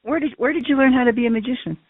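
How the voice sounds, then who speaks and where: Brief: cheerful interviewer man, high voice, dry close sound. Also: slightly rough, no echo. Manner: upbeat, quick questions, laughs along. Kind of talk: casual interview. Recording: tinny phone-line sound.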